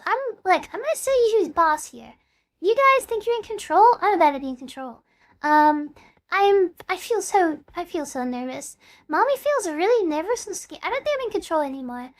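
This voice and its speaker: A young woman putting on a mock-commanding "mommy" voice as a joke on her stream, dropping it into flustered nervousness. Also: extremely high pitch. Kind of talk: comic put-on voice on a stream.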